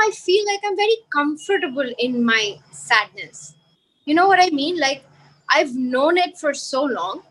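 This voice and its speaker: A woman reflects hesitantly in a casual group video call, her speech peppered with "like." Her voice is high-pitched and fairly bright, and the recording quality is low.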